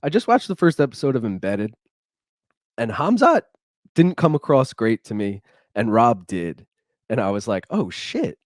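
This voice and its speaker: A man's voice: mid-range voice, very animated, moderate pace, pauses often, no room sound, studio quality. A young man, a podcast guest, chatting casually in a laid-back way, saying "dude" and "like" a lot. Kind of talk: casual chat.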